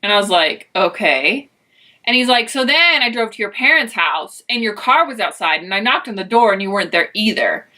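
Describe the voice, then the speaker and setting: A woman's voice: medium pitch, animated, moderate pace, bright, forceful tone. A woman from Utah telling a personal story in a chatty vlog, acting out the dialogue as she goes. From Utah, United States. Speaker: vlogger.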